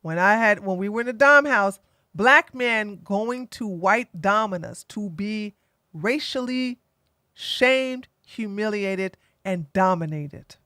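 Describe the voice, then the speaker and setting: A woman giving blunt, opinionated commentary as an online streamer, animated and fond of mocking impressions. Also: medium pitch, slow, no echo, clean studio sound.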